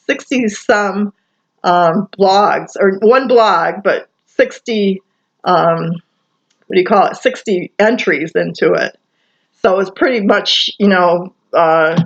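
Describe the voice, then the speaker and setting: A woman's voice: lowish voice, creaky. A woman from Michigan talking alone in her apartment at night, rambling through many fillers and restarts. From Michigan, USA. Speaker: vlogger. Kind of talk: rambling casual monologue. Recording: muffled lo-fi home recording.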